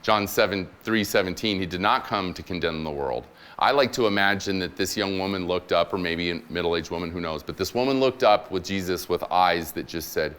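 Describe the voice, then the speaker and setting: A man's voice: sits low, fairly quick, a bit bright, smooth. A man in his forties, a military chaplain, giving a conversational, humorous sermon to a church congregation and acting out the people in his stories. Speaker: guest preacher, military chaplain.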